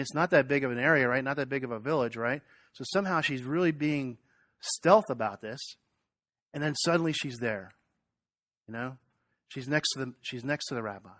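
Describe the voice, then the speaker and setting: A man's voice: mid-range voice, no room sound. A man preaching a sermon, retelling a story in a conversational way and asking the congregation questions. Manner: animated retelling with acted quotes. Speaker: pastor.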